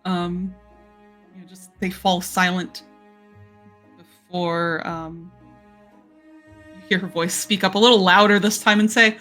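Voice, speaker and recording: Slow-talking woman game master. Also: lowish voice, level tone, fairly bright tone, soft background music. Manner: unhurried, full of fillers, laughs often. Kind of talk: narrating a tabletop game.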